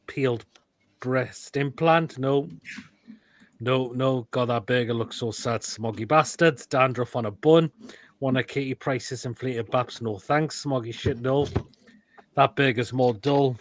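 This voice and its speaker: A man's voice: mid-range voice, steady tone, unhurried, no room sound. A man hosting a live football stream, reacting to food pictures and reading comments with crude, blunt quips. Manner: crude, blunt quips with sudden loud outbursts. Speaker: host of a live football show.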